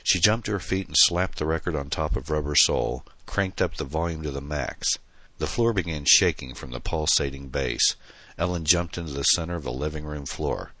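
A man's voice: a bass voice, normal speed, fairly bright tone, no echo. A man reading a novel aloud in dramatic, tense scripted narration. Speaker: audiobook narrator.

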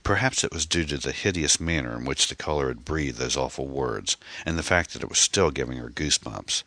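Deep-voiced male audiobook narrator. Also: fairly quick, pushed and bright, no room sound.

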